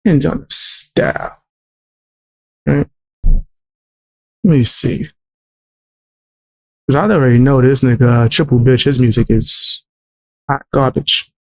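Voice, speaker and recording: A man's voice: medium pitch, steady tone, unhurried, pauses often. A man reacting to music clips on a stream, blunt and mocking, swearing often. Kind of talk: casual reaction stream commentary.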